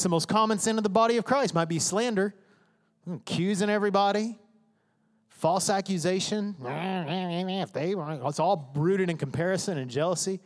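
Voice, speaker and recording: A pastor with a high, bright voice delivers a sermon from the stage, his words echoing through a reverberant sanctuary hall. He speaks emphatically yet conversationally, slipping into the voices and prayers of his congregation.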